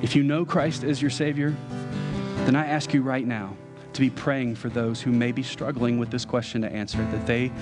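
A man's voice: mid-range voice, steady tone, moderate pace. A man preaching a sermon as pastor, earnestly pleading with his listeners through repeated direct questions during a church service. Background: soft guitar music.

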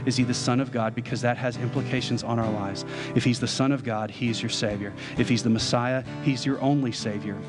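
A man's voice: mid-range voice, steady tone, a little fast. A man preaching a sermon as pastor, earnestly pleading with his listeners through repeated direct questions during a church service. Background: soft guitar music.

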